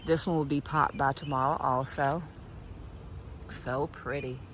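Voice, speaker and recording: A woman, vlogging casually outdoors in her yard and chatting to her viewers, often dropping to a soft hush. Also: extremely low pitch, steady tone, measured pace, slight background noise, poor audio. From United States. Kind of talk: casual chat to camera.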